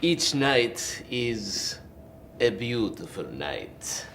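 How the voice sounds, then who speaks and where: Guy doing a mopey vampire, super slow and drawn out, bright voice swooping all over. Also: lowish voice, sing-song, slight background noise, full character voice. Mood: brooding. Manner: slow, grandiose, dramatic pauses. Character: brooding vampire, male, theatrical and mournful. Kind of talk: overwrought stage reading.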